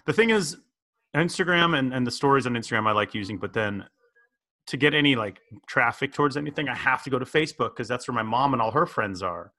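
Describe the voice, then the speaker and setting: A man in his forties hosts a podcast in an easygoing, jokey chat. His voice is bright and it rises and falls a lot as he talks. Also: medium pitch, fast talker. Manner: jokey, animated, slips into impressions. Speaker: podcast host. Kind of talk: casual chat.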